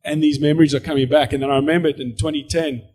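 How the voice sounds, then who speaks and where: A man from South Africa with a South African accent, giving an animated church testimony and acting out the scenes as he tells them. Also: fairly high pitch, fast. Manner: animated storyteller, acts out scenes.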